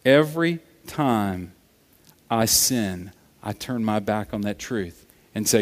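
A man preaching a sermon, telling stories in an animated way that swings from loud to hushed. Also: fairly low pitch, takes it slowly. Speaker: pastor. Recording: long reverb of a large hall.

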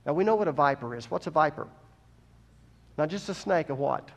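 Guy preaching a sermon, kinda high voice, starts calm then gets loud and fired up. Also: fast. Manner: builds from quiet teaching to loud, impassioned preaching; asks the congregation questions.

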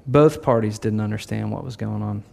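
In a lowish, gravelly voice with a darkish tone, a pastor preaches at a moderate pace. His sermon is conversational, and he occasionally acts out the voices of people he describes.

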